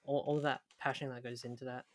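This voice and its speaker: A man's voice: mid-range voice, flat delivery, fast talker. A man from Australia, a guest on a casual podcast, rambling and stumbling over his words with frequent laughs.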